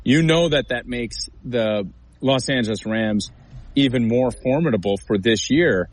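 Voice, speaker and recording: A man's voice: medium pitch, a little slow, dry recording, rough recording. Emphatic male former lineman turned analyst. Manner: emphatic, storytelling, acts out quotes. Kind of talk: sports talk show.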